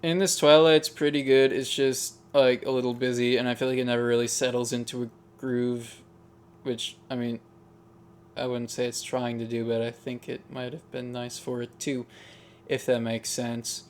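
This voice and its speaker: A man's voice: medium pitch, little pitch movement, normal speed, a little hiss or hum. Casual man musing over song rankings. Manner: musing, hesitant, frequent ums and restarts. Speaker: music ranking video host. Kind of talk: casual tier-list commentary.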